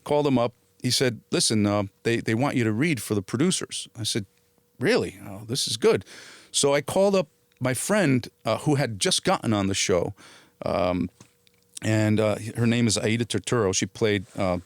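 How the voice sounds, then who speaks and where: A middle-aged man telling stories as an interview guest, at an average pitch for a man. He acts out the dialogue he quotes, with many restarts and a bit of casual swearing. The sound is close and dry, with no room echo. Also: animated, moderate pace.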